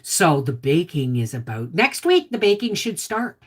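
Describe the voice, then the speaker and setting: A woman's voice: low voice, very animated, unhurried, few pauses, slightly rough. A woman hosting a casual livestream from her home, chatting, greeting viewers by name and talking to her dog. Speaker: homestead livestream host.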